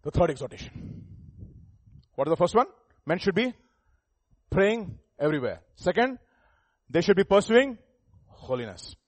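A man preaches a sermon in a fairly high voice. He swings from loud emphatic lines to quiet ones and keeps asking rhetorical questions. The sound is dry and close, with little room. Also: sing-song, normal speed, long pauses, dry recording. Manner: emphatic, rising and falling volume, rhetorical questions.

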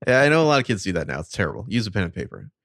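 A man's voice: fairly low pitch, big pitch swings, very fast, fairly bright tone, no room sound, studio quality. A man co-hosting a podcast, casually recapping scenes in a laid-back, wry way and reading characters' lines without putting on voices. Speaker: podcast co-host recapping a show.

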